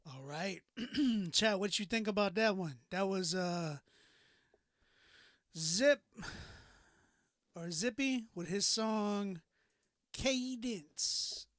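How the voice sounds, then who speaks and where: High-voiced hyped livestream host man. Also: animated, very slow, pauses often, fairly bright tone, no echo, studio quality. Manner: hyped, talks straight to chat. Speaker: livestream music review host. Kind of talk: casual livestream hosting.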